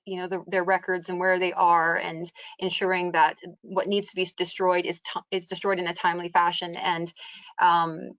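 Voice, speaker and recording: A woman's voice: on the low side, fairly bright tone, no room sound. A woman moderating a webinar panel, reading out viewer comments and sharing her experience, with hesitant fillers. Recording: dry, muffled video call audio.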